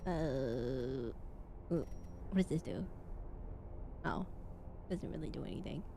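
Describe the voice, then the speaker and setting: A woman's voice: a bass voice, animated, slow pace, vocal fry, music in the background. A woman streaming a video game, chatting casually in a rambling, giggly way.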